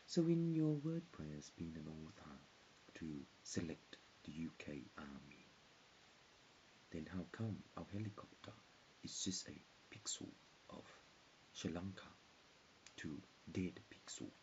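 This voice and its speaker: With an extremely low, expressive voice and a slow pace, a man in his forties delivers a disjointed, stream-of-consciousness monologue, often sinking into whispers. The lo-fi recording is dull and hissy.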